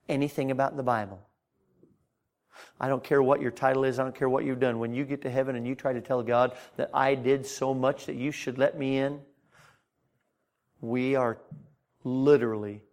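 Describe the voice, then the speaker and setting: A man preaching a fervent evangelistic sermon to a congregation in a church, surging loud then dropping quiet, with many stammered restarts. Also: medium pitch. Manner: impassioned, swings between loud surges and quiet intensity, frequent stammered restarts.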